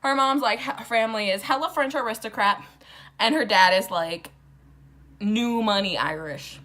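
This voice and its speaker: A woman's voice: on the high side, normal speed, a bit bright. A drunk young woman rambling through a casual, profane book summary with sarcastic asides. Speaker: book vlogger.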